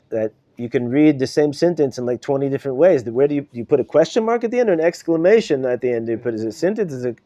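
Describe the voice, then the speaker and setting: A man's voice: mid-range voice, warm tone. A middle-aged man, a rabbi, teaching an informal Torah class in a conversational way, often checking in with "right?". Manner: conversational, repeats words and asks "right?" often. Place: classroom in a study hall. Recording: dull live class recording.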